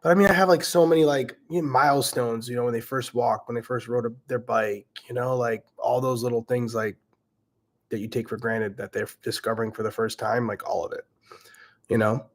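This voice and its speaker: A middle-aged man with a noticeable regional accent hosts a casual question-and-answer session and tells stories with lively energy. His voice sits at an ordinary middle pitch. He curses casually as he talks. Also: brisk. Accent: regional accent, self-noted. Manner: animated storyteller who swears casually. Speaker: podcast host. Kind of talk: casual Q&A storytelling.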